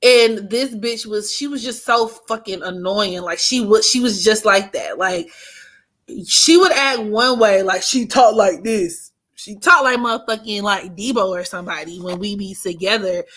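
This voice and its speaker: A young woman hosting an astrology channel, telling stories in blunt, profane, animated casual chat. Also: mid-range voice, moderate pace.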